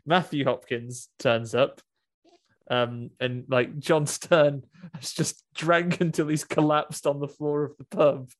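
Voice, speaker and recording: A man's voice: on the high side, steady tone, slow. A man casually recapping a film plot, rambling with restarts and acted-out quotes. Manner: rambling, laughing, full of restarts and quoted voices.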